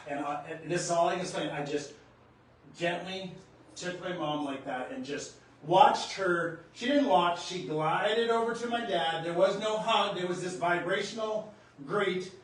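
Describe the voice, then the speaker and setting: A man's voice: sits high, unhurried. A man in his sixties from North Dakota telling a personal spiritual story as a podcast host, earnest and emotional, gasping in awe at times. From North Dakota, USA. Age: 60s. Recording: echoey room, voice distant from the mic.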